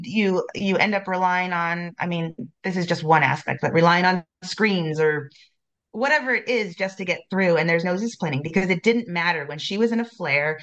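A woman's voice: on the low side, fairly bright tone, highs cut off. A woman speaking as a podcast guest, candid and chatty, often breaking off and restarting her sentences. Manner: candid, chatty, self-interrupting. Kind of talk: casual conversational interview.

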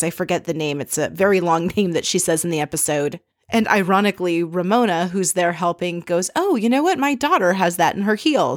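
Woman host, lowish voice, dry close sound; blunt, exasperated recap delivery with frequent swearing. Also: dry recording. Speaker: podcast host recapping a reality show. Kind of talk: casual recap commentary.

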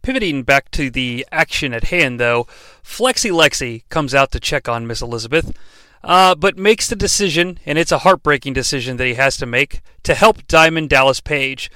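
Man, comedy recap host, wry asides, bright, tense tone. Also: medium pitch, expressive, normal speed, smooth, no room sound. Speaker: podcast host recapping wrestling.

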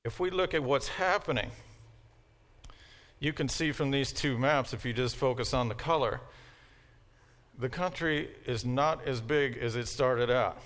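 A university lecturer with a Southern American accent talks his class through the material in a loose, conversational way. He often stops to check that his students are following. His voice sits at an ordinary middle pitch for a man. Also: unhurried, pauses often, a bit bright. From Southern United States.

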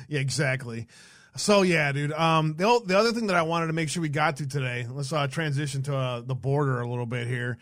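A man's voice: fairly high pitch, brisk, a bit bright, no room sound, studio quality. A man co-hosting a casual political livestream, reading headlines aloud and mocking them with sarcastic, profane asides. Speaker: podcast co-host.

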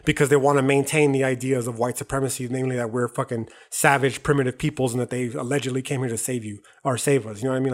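A man's voice: mid-range voice, fairly even intonation, fast. A young man from the United States hosting a podcast, delivering a heated, profane monologue and calling the listener "dog". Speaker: podcast host.

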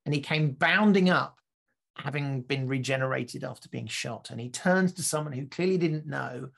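A man co-hosting a casual podcast, his voice gravelly with a husky edge. He tells stories with energy and often repeats and restarts his words mid-thought. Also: medium pitch, normal speed. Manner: animated storyteller, restarts and repeats words while thinking. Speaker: podcast co-host.

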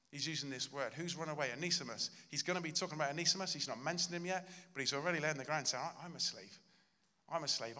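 A man's voice: medium pitch, pushed and bright. Emphatic male pastor in a reverberant hall. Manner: earnest, emphatic preaching that acts out quoted lines. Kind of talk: sermon.

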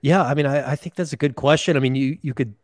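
A man's voice: medium pitch, steady tone, fast, no room sound, clean studio sound. A man, a sports beat writer, answering questions in a casual podcast interview, often hedging with "you know, like".

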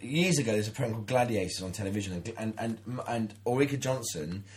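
A man's voice: on the low side, expressive, fast, a little mellow. A man in his thirties, co-hosting a casual podcast and telling a long story with many restarts and acted-out quotes. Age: 30s. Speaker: podcast co-host. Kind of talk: casual chat, anecdote.

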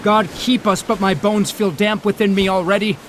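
An actor playing a worried, pious first mate on a whaling ship in an audio drama, grave and pleading, over loud music. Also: male voice, high voice, fairly even intonation, moderate pace, noisy background, natural voice. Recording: loud music bed under the voice.

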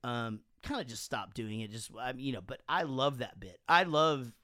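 A man casually telling animated stories on a podcast, swearing freely and acting out quotes, sounding a bit drunk. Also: mid-range voice, moderate pace, no room sound, clean studio sound. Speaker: podcast host and band frontman. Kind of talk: casual storytelling chat.

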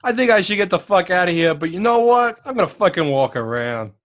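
A man's voice: high-pitched, expressive, fairly quick, fairly bright tone. A man putting on a crude, foul-mouthed Italian-American character while dubbing over a movie, rambling and laughing through his lines. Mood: leering. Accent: put-on stereotypical Italian-American.

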